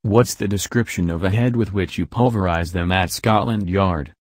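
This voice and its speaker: A man reading the lines of a poised, worldly woman who teases and probes her young friend in a measured way. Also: deep voice, dry recording, clean studio sound. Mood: probing.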